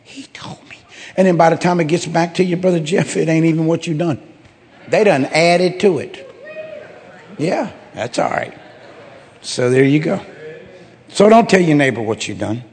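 A male pastor preaching to his church in a folksy, repetitive way that swells into loud bursts. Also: a little high, moderate pace, long pauses, husky, big-room sound. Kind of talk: sermon with altar call. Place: church sanctuary.

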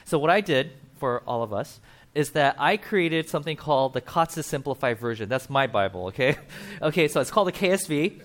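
A man's voice: fairly high pitch, lively intonation, brisk, fairly bright tone. A man preaching a casual sermon, chatty and full of fillers, often acting out quoted voices. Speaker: pastor.

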